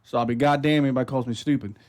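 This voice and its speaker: A man's voice: mid-range voice, steady tone, very fast, a little mellow. A man co-hosting a casual talk show, blunt and profane, talking with heat about being called stupid. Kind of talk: casual chat.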